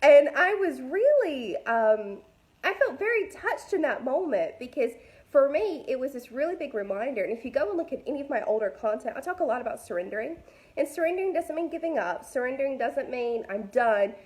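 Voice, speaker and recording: A woman's voice: sits high, sing-song, a little fast, a little mellow. A woman, a mother, giving a casual devotional message to women, chatty and candid with many fillers, speaking straight to her listeners. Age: adult mother. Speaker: faith vlogger speaking to women.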